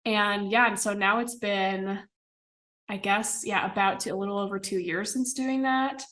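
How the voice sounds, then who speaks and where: A woman's voice: medium pitch, steady tone, normal speed, fairly bright tone. A young woman from the American Midwest, a podcast guest talking casually with lots of fillers and little laughs. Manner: chatty, many fillers and laughs. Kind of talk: casual interview chat.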